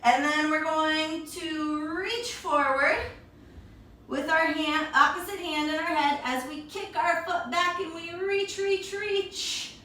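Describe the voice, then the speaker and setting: A woman's voice: high-pitched, slow pace, pushed and bright. A woman guiding a children's yoga class with a storybook, in a playful, encouraging, sing-song way. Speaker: kids yoga teacher. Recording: echoey room, voice from a distance.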